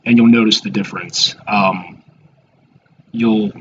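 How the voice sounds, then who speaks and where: Male YouTuber, 20s, low-ish voice, halting and self-mocking, muffled lo-fi recording. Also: fairly even intonation, a bit bright, a little hiss or hum. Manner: rambling and halting, with many fillers and restarts; self-deprecating. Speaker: YouTuber reacting to his old videos. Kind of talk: casual reaction commentary.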